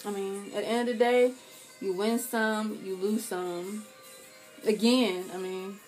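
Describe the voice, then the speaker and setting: A young woman vlogging a profane, dramatic comedic rant, swinging between loud outbursts and quiet hurt. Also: mid-range voice, fairly even intonation, measured pace, soft background music.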